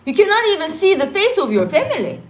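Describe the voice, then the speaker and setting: At home during a power cut, this Korean livestream co-host speaks in a very high-pitched, sing-song voice, and fast. A native Korean speaker, she chats casually but reflectively and earnestly, slipping in pidgin phrases, in a room with noticeable echo.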